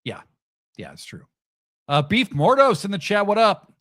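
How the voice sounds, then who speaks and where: A man's voice: high-pitched, wildly swooping pitch, moderate pace, bright, forceful tone, dry recording, studio quality. A middle-aged man hosting a podcast, chatting casually and sarcastically with many fillers and restarts. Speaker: podcast host. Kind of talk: casual livestream chat, reading chat comments.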